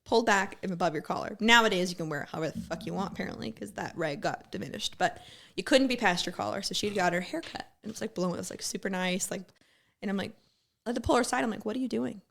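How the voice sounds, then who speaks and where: A woman's voice: medium pitch, fast talker, gravelly, a bit bright. A woman, a former military gunner, telling blunt, profane stories in a casual podcast chat. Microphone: studio podcast mic.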